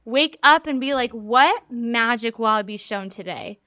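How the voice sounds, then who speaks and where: A young woman with a fairly high, smooth, clear voice talks to her podcast listeners. She rambles earnestly and corrects herself often, with a steady stream of "like" fillers. The sound is close and dry, with no room around it. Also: a little slow, no room sound. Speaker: podcast host, psychic medium and entrepreneur. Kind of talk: casual spiritual podcast monologue.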